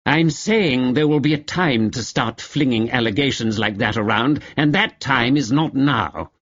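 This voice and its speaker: A man's voice: mid-range voice, unhurried, a bit bright, lo-fi sound, voice pushed up. A man voicing an acid, scornful man who makes cutting remarks.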